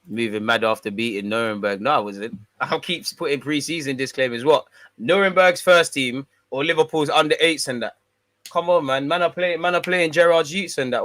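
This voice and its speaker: A man's voice: fairly high pitch, a bit bright, no room sound. Slangy man with a dry voice. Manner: slangy, laid-back, bantering. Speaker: fan channel host. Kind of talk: casual livestream chat, reading viewer comments.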